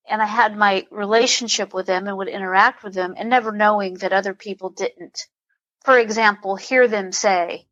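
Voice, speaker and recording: A woman's voice: medium pitch, a bit bright, highs cut off. A woman, a comedian guest on a podcast, talking in a rambling way with many restarts. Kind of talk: casual interview.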